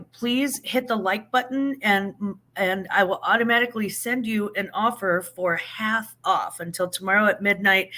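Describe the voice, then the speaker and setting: A cheerful woman with a bright, forward voice, chatting casually as a guest on a live stream. She talks easily and laughs readily. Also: medium pitch. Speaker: guest, online reseller.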